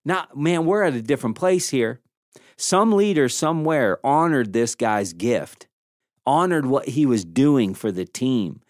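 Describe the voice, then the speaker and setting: Dry-sounding animated male podcast host. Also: mid-range voice, measured pace, dry recording. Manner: animated storyteller, self-deprecating, acts out quoted dialogue. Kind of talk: leadership podcast monologue. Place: small studio room. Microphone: studio microphone.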